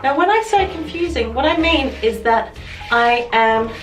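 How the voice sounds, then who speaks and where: A woman's voice: sits high, animated, a little slow. Chatty Australian woman in an echoey room. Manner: chatty, rambling, corrects herself mid-sentence. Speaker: vlogger. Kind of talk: casual chat to camera. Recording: roomy echo, mic at a distance, music behind. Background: music.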